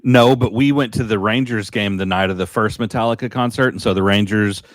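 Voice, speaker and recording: A man's voice: lowish voice, fairly quick, no echo. A man co-hosting a podcast, chatting in an easygoing way with some hesitations. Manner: easygoing, talks about family life, some hesitations. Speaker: podcast co-host. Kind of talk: casual chat.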